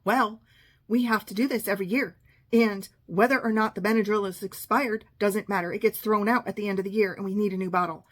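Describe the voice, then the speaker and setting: A woman's voice: medium pitch, fairly even intonation, brisk. A middle-aged woman telling a long personal story in a casual, sarcastic, exasperated way, quoting the people in it.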